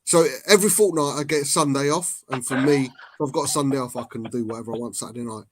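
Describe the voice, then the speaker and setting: A laid-back man, chatting about football in a mid-pitched, even voice. He talks casually and lets the odd swear word slip. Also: fast, a little hiss or hum. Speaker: co-host of a fan show. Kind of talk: casual chat.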